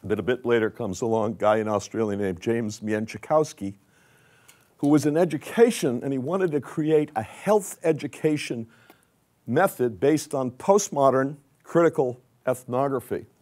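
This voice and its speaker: Older male conference speaker, relaxed chatty lecture style, middle pitch. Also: normal speed. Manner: conversational, asks audience questions. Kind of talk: lecture with slides.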